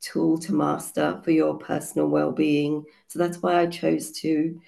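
A woman with a cold and a hoarse voice, a children's yoga teacher explaining her book chapter in an earnest way, with many fillers. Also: low-pitched, level tone, unhurried, mellow. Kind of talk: casual online panel talk.

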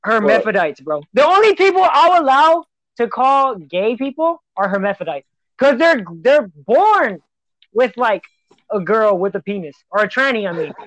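A man's voice: very high-pitched, big pitch swings, moderate pace, fairly bright tone, dry recording, rough recording. A young man in casual chat with friends, rambling through crude jokes. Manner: joking, rambling, crude humor.

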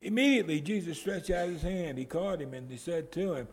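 Male preacher, fairly high voice, storytelling sermon with emphatic peaks, long hall reverb. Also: expressive, a little fast, few pauses. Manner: storytelling, building to emphatic outbursts.

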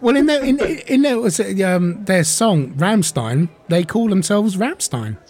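A podcast co-host in casual chat, chatty and quick with exclamations. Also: mid-range voice, animated, darkish tone, breathy edge.

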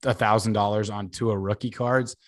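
A man's voice: fairly low pitch, moderate pace. A young man chatting casually as a podcast host, telling stories with energy, swearing freely and acting out what others said. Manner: animated storyteller, swears freely, acts out quotes. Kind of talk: casual chat.

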